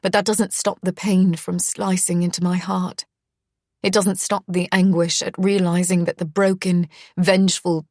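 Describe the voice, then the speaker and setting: A woman narrating a first-person romance audiobook with emotive, soft delivery that turns breathy at tender moments. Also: lowish voice, no room sound, clean studio sound.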